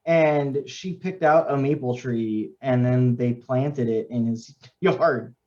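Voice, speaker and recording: A man's voice: medium pitch, slow, warm tone. Male stream co-host, chatty and teasing, slightly muffled lo-fi mic. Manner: teasing, chatty, interrupts playfully. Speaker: co-host, pancake artist. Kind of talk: casual live-stream chat.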